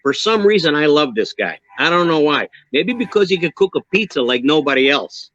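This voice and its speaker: A man with a New York accent, a drummer being interviewed on a video call, talking in an animated, emphatic, joking way. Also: fairly high pitch, a little fast, no echo, dull audio. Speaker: guest drummer. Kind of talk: casual interview chat.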